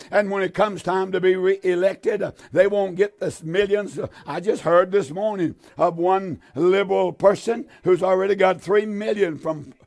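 An elderly man in his eighties delivers a fervent, pleading sermon in a fairly high voice, his speech full of "uh" and restarts. He presses hard on his listeners with direct appeals and repeated lines. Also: gravelly, a little mellow. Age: 80s. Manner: fervent pleading preaching with frequent "uh" fillers. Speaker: preacher. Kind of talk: radio sermon.

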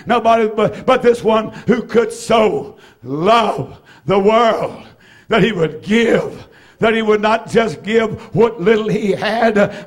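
A man preaching a sermon, with rhythmic repetition, swinging between shouted phrases and hushed ones. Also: high voice.

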